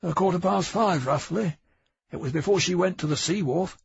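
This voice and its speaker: Guy doing a squeaky flustered young cop, husky, baffled and defensive, dull dry audiobook sound. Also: moderate pace, no room sound, full character voice. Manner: high, protesting, bewildered. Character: slow-witted young male police officer, defensive.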